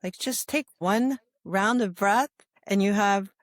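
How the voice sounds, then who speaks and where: A woman yoga instructor talking in a calm interview, with a soothing, guiding manner and a habit of asking "right?". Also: mid-range voice, slow, no echo, clean studio sound. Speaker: yoga instructor and sobriety guest. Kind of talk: calm conversational interview talk.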